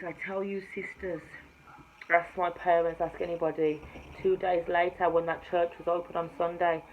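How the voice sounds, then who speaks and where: A woman with a Jamaican-tinged accent, a tarot reader, telling her spiritual testimony to camera in an emphatic storytelling manner, swinging between hushed and loud. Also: fairly low pitch, slight background noise. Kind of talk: personal testimony told to camera. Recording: slightly dull recording with faint room ambience.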